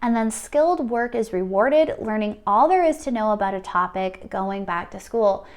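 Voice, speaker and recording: A woman giving a pick-a-card oracle reading who gushes with excitement and then turns soothing and reassuring toward the listener. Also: mid-range voice, moderate pace. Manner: gushing, excitable, exclaims often. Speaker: tarot card reader.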